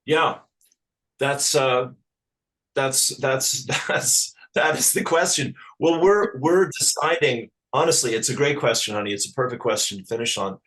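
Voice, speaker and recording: A man from Ireland, a spiritual teacher talking as an interview guest in a halting, earnest, affectionate way with many restarts. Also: mid-range voice, a bit bright, rough recording. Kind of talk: casual spiritual interview chat.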